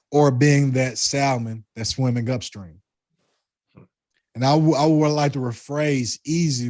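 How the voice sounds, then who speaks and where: A man with a Southern US accent speaks slowly and with weight, musing on spiritual ideas in a relaxed conversation. His voice sits at an ordinary middle pitch. The sound is close and dry, with little room echo. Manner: deliberate, reflective, spiritual musings. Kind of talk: casual conversation.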